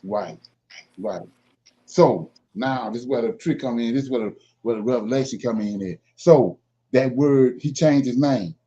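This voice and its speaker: A man's voice: mid-range voice, moderate pace, mellow. Man teaching scripture, dull lo-fi sound. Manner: reads verses then explains them emphatically, asks "right?" often. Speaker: Bible study teacher. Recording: dull lo-fi recording.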